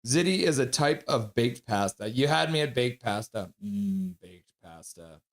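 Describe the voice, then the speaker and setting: A middle-aged livestream host reads the chat during a casual hockey pregame stream, greeting viewers by name. He sounds animated, with a gravelly, medium-pitched voice and a moderate pace.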